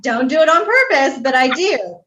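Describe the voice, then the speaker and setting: Woman panelist, high voice, playful, laughs a lot, acts out quotes. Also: big pitch swings, unhurried, a bit bright, slight background noise. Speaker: show panelist. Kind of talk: casual group chat.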